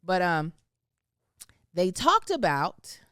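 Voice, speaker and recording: Smooth low-voiced woman hosting a podcast. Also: very animated, slow, fairly bright tone, no echo, clean studio sound. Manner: conversational, probing questions, retells stories. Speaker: podcast host. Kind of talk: casual chat.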